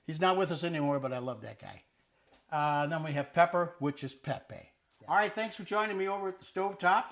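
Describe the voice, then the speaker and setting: A man's voice: on the high side, lively intonation, brisk, creaky, a bit bright. A man hosting a cooking show, chatting playfully and teaching Italian words as he cooks in a kitchen. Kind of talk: casual cooking demonstration. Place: kitchen with island and stovetop.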